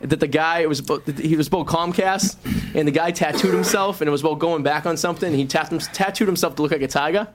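A slightly high-voiced male radio host. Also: background noise. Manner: hurried, directing the others with restarts. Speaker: host and sketch writer. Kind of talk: casual radio banter.

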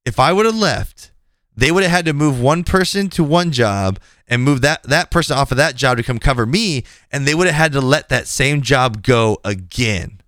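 A man's voice: mid-range voice, moderate pace, no room sound, clean studio sound. A man on a podcast, frankly telling a story about a clash at work and acting out what each person said. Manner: animated, frank, quotes people in dialogue. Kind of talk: casual storytelling. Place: podcast studio.

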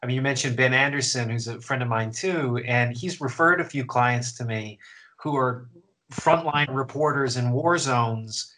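A man's voice: mid-range voice, normal speed, sharp tone, low-quality recording. A man hosting a casual interview, musing in a thoughtful, reflective way. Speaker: interview host.

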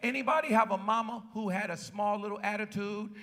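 A pastor preaching a sermon to his congregation. He calls out to the crowd and builds up into shouts. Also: high-pitched, brisk. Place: church.

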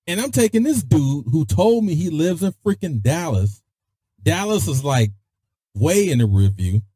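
This podcast host tells stories casually and with animation, swinging his voice high for emphasis and sprinkling in mild cuss-word stand-ins like "freaking" and "daggone." He speaks a little slowly in a husky voice, and the recording is dry with clean studio sound.

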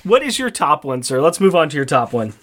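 A man's voice: fairly high pitch, very animated, brisk, fairly bright tone. A man co-hosting a podcast, leading the segments in a playful, joking manner while chatting about a comic. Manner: playful, leads segments, laughs often. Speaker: podcast co-host. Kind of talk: casual chat reviewing a comic.

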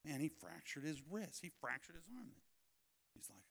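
A man preaching a sermon at a family camp, telling a personal story, swinging between loud calls and hushed asides. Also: mid-range voice, sing-song, normal speed, vocal fry.

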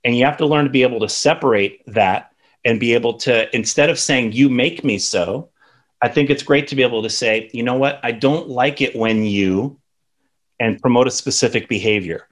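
A man in his thirties gives a spoken lesson at an ordinary, mid-range pitch. He talks conversationally and keeps checking in with the listener by asking "right?" as he teaches. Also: moderate pace. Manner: conversational, tags sentences with "right?". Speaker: instructor.

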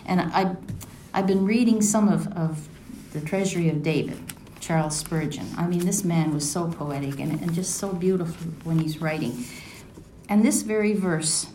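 A woman gives a personal devotional talk, reading scripture and telling a story in a reflective way while asking many questions. Her voice is on the low side and warm, at a moderate pace, recorded with a distant mic in an echoey room with a little hiss or hum.

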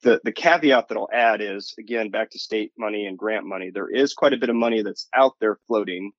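A man's voice: on the low side, a little fast, no room sound, muffled recording. A man speaking as an industry analyst in a radio interview, talking loosely with frequent restarts. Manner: rambling, restarts often. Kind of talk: interview answer.

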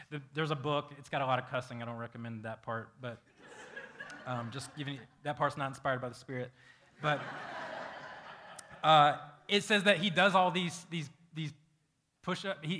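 A man with a bright, forceful voice preaching in a church. He is the pastor, and he tells stories with animated acted-out quotes. His voice sits a little higher than most men's. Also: normal speed, pauses often. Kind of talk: sermon. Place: church hall with a congregation.

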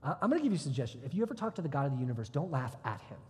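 A man preaching a conversational sermon as pastor, lively and acting out quoted voices. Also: a little high, racing, long reverb tail.

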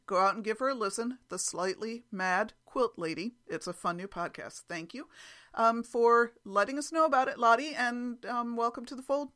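A woman's voice: on the high side, sharp tone. Chatty self-deprecating woman podcaster. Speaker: podcast host. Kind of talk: casual solo podcast chat.

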